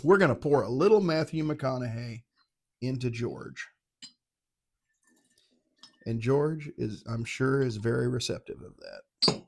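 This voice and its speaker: A man's voice: medium pitch, sing-song, a little slow, creaky, long pauses, a little mellow, slight background noise. A middle-aged man giving a casual, rambling and irreverent whiskey tasting review, poking fun at himself. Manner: rambling, irreverent, self-mocking.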